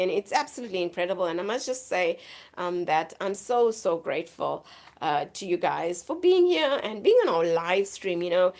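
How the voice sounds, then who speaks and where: Rambling woman streamer with a flu-worn voice. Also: lowish voice. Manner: rambling, effusive, repeats herself. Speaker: live stream host. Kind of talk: casual live stream chat with viewers.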